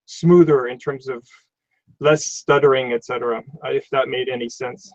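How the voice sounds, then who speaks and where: A man's voice: medium pitch, fairly even intonation, dry recording. German-accented man, dry muffled stream sound. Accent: southern German. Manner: unhurried, hesitant, many fillers and restarts. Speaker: mechanic hosting a live stream. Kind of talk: casual live-stream chat.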